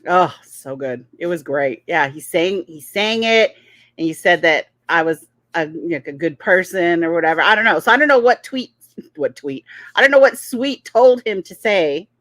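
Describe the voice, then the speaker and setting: A woman hosting a podcast, gushing and excitable in casual chat. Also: fairly low pitch, moderate pace, no echo, clean studio sound. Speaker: podcast host.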